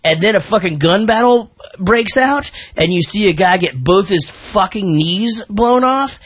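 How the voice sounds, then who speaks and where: A man's voice: sits high, expressive, unhurried, fairly bright tone, no room sound. A man hosting a casual movie podcast, ranting animatedly with plenty of profanity. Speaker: podcast host. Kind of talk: casual movie-review chat.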